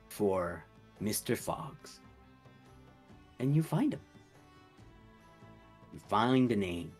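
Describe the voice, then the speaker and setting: A man narrating a tabletop game as game master, slowly describing scenes and sometimes dropping to a hush. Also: on the low side.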